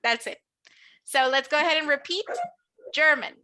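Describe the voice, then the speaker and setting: High, bright-voiced woman teaching English. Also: moderate pace. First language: Spanish. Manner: patient, enunciating, encouraging. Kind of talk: classroom pronunciation drill.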